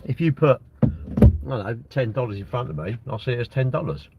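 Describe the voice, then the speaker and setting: A man's voice: mid-range voice, expressive, fairly quick, gravelly, muffled recording, heavy background noise. A man, chatting casually on a live stream from his car and answering viewer comments in a rambling way. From Britain. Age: 60s. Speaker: livestream host. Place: inside a parked car. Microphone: phone propped at the windscreen.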